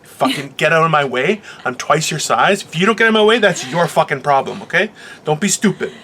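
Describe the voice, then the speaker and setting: A man's voice: on the high side, expressive, brisk, bright, forceful tone, a little hiss or hum. A man co-hosting a casual comedic chat show, rambling and crude, often restarting his sentences. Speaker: co-host.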